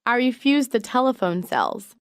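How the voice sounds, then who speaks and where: A woman's voice: fairly high pitch, huge pitch swings, no echo. Woman reading phrases in a dry room. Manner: measured, evenly paced, clearly enunciated. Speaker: English phrase reader. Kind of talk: slow read-aloud example sentences.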